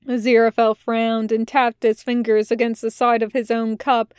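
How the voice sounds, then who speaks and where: Woman narrator for a storybook audiobook, fairly high voice, dry close recording. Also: little pitch movement, moderate pace, smooth, no room sound. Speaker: fanfiction audiobook reader.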